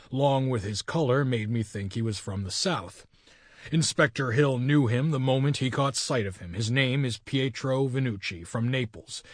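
A man's voice: mid-range voice, no echo, clean studio sound, natural voice. A man reading the part of a brash, self-assured police inspector, assertive and a little condescending.

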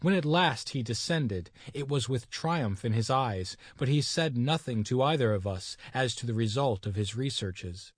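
A man narrating a classic detective story aloud in a steady, even storytelling manner. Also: medium pitch, normal speed, few pauses, slightly rough, no echo, clean studio sound. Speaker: audiobook narrator.

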